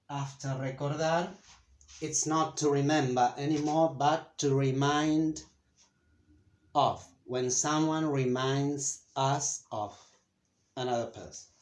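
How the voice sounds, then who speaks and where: A man teaching a Spanish grammar lesson in English, speaking slowly and deliberately with frequent fillers and pauses. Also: on the high side. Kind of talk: slow, careful grammar lesson. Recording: echoey room.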